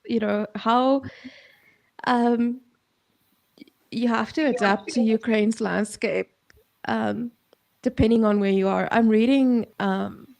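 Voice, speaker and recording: Creaky-voiced chatty woman co-host. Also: on the high side, fairly even intonation, takes it slowly, darkish tone. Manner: chatty, full of fillers and asides. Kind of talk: casual video-call chat. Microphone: video call.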